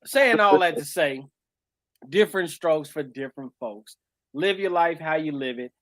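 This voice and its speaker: A man's voice: fairly high pitch, lively intonation, moderate pace, a bit bright, dry recording. A man co-hosting a casual podcast with an American accent, joking and laid-back, peppering his talk with "you know what I'm saying.". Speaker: podcast co-host. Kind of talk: casual chat.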